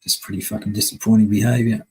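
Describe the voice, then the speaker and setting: Husky, swearing male streamer ranting. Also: on the low side, little pitch movement, fast talker, warm tone, poor audio. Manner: heavy swearing, angry and blunt. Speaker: live stream host. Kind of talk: casual live-stream rant.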